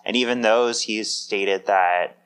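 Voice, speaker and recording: A man's voice: on the low side, slow pace, fairly bright tone, clean tone. A man co-hosting a podcast in casual chat, talking in an upbeat, chatty way with lots of fillers. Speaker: podcast co-host.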